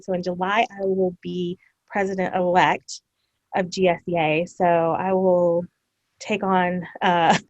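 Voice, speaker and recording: A woman's voice: medium pitch, dry recording, highs cut off. A woman with a Southern US accent, chatting upbeat as a guest on an interview, laughing often. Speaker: school counselor, podcast guest. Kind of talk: casual interview chat.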